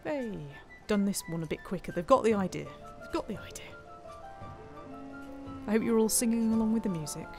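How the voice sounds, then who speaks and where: This woman talks fast with few pauses, her medium-pitched voice carrying a dark tone while faint music plays underneath. It's live-stream gameplay commentary: she plays a city-building game, banters playfully, thanks viewers, and talks to herself.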